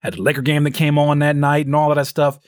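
A man in his thirties hosting a casual solo podcast and telling a story with energy, often jumping into a high voice when he quotes himself. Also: level tone, fast, no room sound, clean studio sound. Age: 30s. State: sleep-deprived. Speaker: podcast host.

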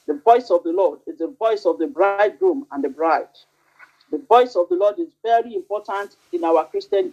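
A woman's voice: medium pitch, mellow. A woman preaching a sermon, building it up through fervent repetition and telling a story from her own life. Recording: muffled lo-fi recording.

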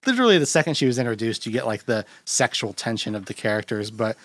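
A man's voice: mid-range voice, expressive, fast talker, a bit bright, no room sound. Rambling young man chatting about films. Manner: rambling, filler-heavy, laughs often. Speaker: podcast host. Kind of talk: casual film chat.

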